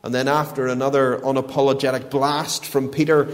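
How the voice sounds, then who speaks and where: A man preaching a sermon, deliberate and emphatic, with a lot of repetition. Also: medium pitch, steady tone. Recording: long reverb of a large hall.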